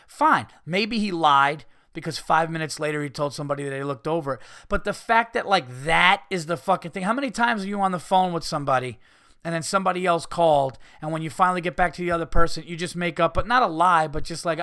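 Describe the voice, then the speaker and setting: A man hosting a podcast, ranting casually with heavy swearing and mocking people in put-on high voices. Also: fast, sharp tone, smooth, no room sound, studio quality. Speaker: podcast host. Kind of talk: casual rant.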